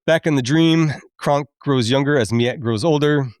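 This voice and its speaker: A man in his thirties hosting a podcast, chatty and quick to laugh as he recaps a film and admits it moves him. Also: a little high, darkish tone, smooth, no echo, clean studio sound. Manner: chatty, laughs often, openly emotional. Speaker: podcast host.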